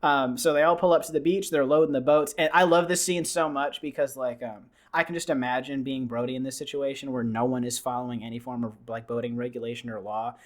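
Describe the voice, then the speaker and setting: A man's voice: medium pitch, fairly even intonation, quick pace, hardly any pauses. A young man hosting a podcast, rambling casually through a movie recap and acting out the characters' lines. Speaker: podcast host. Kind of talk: casual movie review chat.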